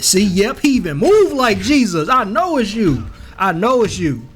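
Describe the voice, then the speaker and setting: Slangy, excitable young man gaming. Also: high voice, normal speed. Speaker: gaming YouTuber. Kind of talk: casual gameplay commentary.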